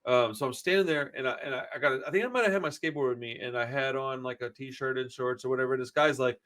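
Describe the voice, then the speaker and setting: A man's voice: mid-range voice, quick pace, fairly bright tone. A man, hosting a podcast and telling long, rambling stories in casual chat, full of cursing and "dude.". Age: 40s. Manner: rambling, profane storyteller, says dude a lot. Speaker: podcast host.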